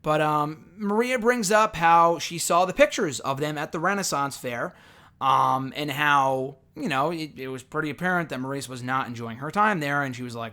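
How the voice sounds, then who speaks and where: A man's voice: a little high, normal speed, sharp tone. Casual rambling male show reviewer. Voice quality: rambling, frequent fillers and self-corrections. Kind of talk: casual recap monologue.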